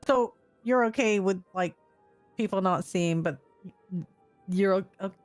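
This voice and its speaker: A woman's voice: mid-range voice, a little slow, no echo, faint music behind. A woman in casual in-character role-play chat, curious and questioning, stammering when flustered.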